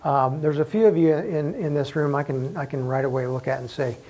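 A man's voice: a little high, brisk, warm tone, a little hiss or hum, rough recording. A man preaching a sermon to a congregation in a church room, talking conversationally with frequent restarts. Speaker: pastor.

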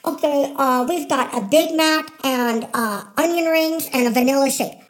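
A man voicing a fumbling fast-food drive-through worker who keeps getting the order wrong. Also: very high voice, fairly bright tone, voice pushed up.

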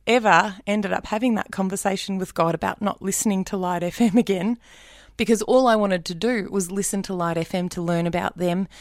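An Australian woman in her forties telling a personal story in a casual interview, expressive and animated as she acts out her own thoughts. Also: on the low side, no room sound, clean studio sound. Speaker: guest, radio announcer.

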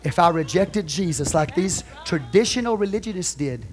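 High-voiced fervent male preacher. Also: animated, moderate pace. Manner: fervent, emphatic preaching with repeated phrases. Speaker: pastor. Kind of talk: sermon.

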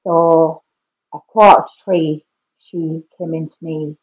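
A middle-aged Irish woman with a slightly low voice tells a painful story as a podcast guest. She keeps repeating herself and acts out each exchange, her voice climbing as she quotes people. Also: steady tone, slow pace, breathy edge, narrow, tinny audio. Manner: repeats "I said" constantly, re-enacts dialogue with rising voice. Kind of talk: emotional personal storytelling.

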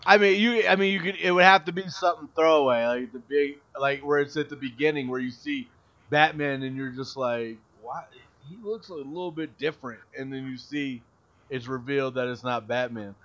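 A man co-hosting a podcast in casual chat, animated and slangy with lots of "like" fillers. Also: mid-range voice, a little fast. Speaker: podcast co-host. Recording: dull lo-fi sound.

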